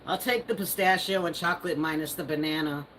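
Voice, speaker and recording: A woman's voice: lowish voice, brisk, a bit bright, slight background noise, rough recording. A woman hosting a live stream, casually reading viewer comments aloud and teasing them, laughing often. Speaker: livestream host.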